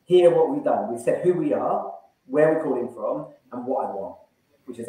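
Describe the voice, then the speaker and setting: A man's voice: mid-range voice, fast talker, a little mellow, far from the mic. A man running an online sales training session, coaching and acting out phone call openers. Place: room, online event. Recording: very echoey room.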